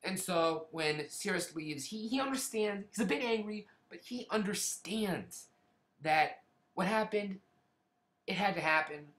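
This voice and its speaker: A man's voice: sits high, lively intonation, measured pace, a bit bright, roomy sound. A man casually retelling a book's plot in a rambling way, often restarting and hedging. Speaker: book reviewer. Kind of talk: casual spoken plot summary.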